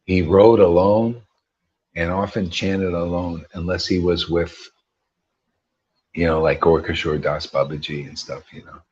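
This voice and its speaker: A low-voiced man with a husky edge talks to a gathering in an emphatic, preachy way. He often restarts his sentences and rises into sudden bursts of insistence. The recording sounds dull and lo-fi. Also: steady tone, a little slow, darkish tone. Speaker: spiritual teacher. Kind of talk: informal devotional talk to a group.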